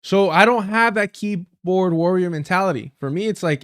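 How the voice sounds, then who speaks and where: A man's voice: high voice, moderate pace, few pauses, a bit bright, clear, resonant tone, dry recording, clean studio sound. A man hosting a livestream, ranting in casual commentary. He is blunt and profane, uses a lot of slang, repeats himself for emphasis, and stops to correct himself mid-sentence. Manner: storytelling with repeated phrases and self-corrections. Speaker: livestream host.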